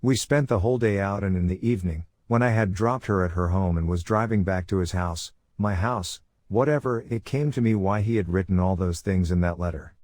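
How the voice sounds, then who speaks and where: A man narrating a first-person horror story in a measured, brooding way. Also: sits low, a little mellow, dry recording.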